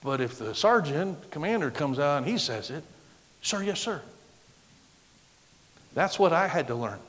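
A middle-aged man preaching a sermon with a loud, projecting voice, acting out the voices of the people he quotes. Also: fairly high pitch, expressive, a little fast. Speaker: pastor. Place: church sanctuary. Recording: long hall reverb.

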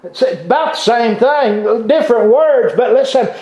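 A man preaching a sermon, fervent, with halting restarts and bursts of shouting. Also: very high voice, lively intonation. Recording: echoey room, dull lo-fi sound.

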